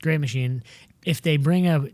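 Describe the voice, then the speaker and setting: A man from New England tells a story in a casual, animated way, swearing freely and putting on voices for the people in it. His voice sits a bit high. The sound is close and dry, with no room echo. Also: normal speed. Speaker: co-host.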